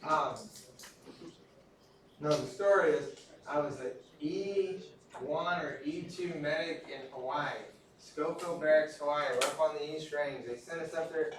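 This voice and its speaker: A man's voice: a little high, measured pace, noisy background. A man from Texas, lecturing a class in a casual, self-deprecating storytelling way. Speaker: instructor. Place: large echoey classroom. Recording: echoey classroom from far off.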